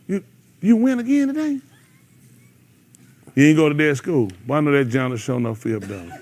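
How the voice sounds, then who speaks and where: A man's voice: fairly high pitch, expressive, a little fast, darkish tone, a little hiss or hum. A man leading a congregation's Bible class, bantering and laughing with them between scripture readings. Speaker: teacher leading a Bible study. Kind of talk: casual joking Bible class.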